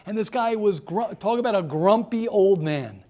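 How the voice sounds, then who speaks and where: A man's voice: high-pitched, normal speed. A man, a rabbi, giving a motivational talk to a small group, telling stories and calling on listeners by name. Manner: animated storyteller who addresses listeners by name; repeats words for emphasis. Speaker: rabbi leading a seminar.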